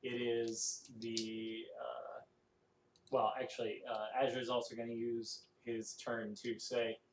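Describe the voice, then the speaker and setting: A man narrating a tabletop game as game master, halting and full of fillers. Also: medium pitch, completely flat delivery. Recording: echoey room, faint noise.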